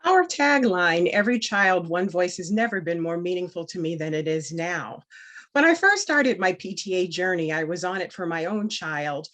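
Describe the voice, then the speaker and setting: A woman's voice: fairly low pitch, lively intonation, normal speed, fairly bright tone. A woman candidate giving a campaign speech and then answering questions, earnest and emphatic, hesitating with fillers when unscripted. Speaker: board candidate.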